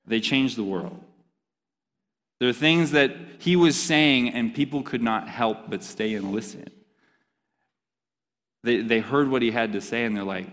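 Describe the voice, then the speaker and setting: A man's voice: medium pitch, measured pace, long pauses, fairly bright tone, big-room sound. A man giving an interactive, joking sermon to a youth group, quizzing the audience as he reads scripture. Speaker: youth pastor.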